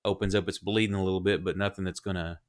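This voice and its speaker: Low-voiced man game master, relaxed. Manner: relaxed, halting with fillers. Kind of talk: narrating a tabletop game.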